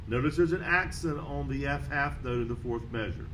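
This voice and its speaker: A man's voice: mid-range voice, normal speed, a bit bright, slight background noise, low-quality recording. A man teaching a beginner trumpet lesson, calling out note names and counting in steadily. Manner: counts off and calls out notes steadily. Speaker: band teacher. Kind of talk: instrument lesson walkthrough.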